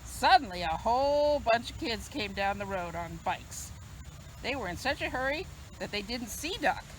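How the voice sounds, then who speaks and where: A librarian reading a picture book aloud to children in an expressive, sing-song storytelling manner. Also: female voice, fairly high pitch, moderate pace, a little hiss or hum, low-quality recording. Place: library video recording.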